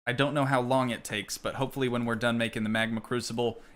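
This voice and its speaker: A young American man streaming a game, chatting casually with viewers and thinking out loud as he plays. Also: medium pitch, steady tone, quick pace. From United States. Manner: rambling, thinking aloud, talking to chat. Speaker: gaming streamer. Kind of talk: casual live gameplay chat.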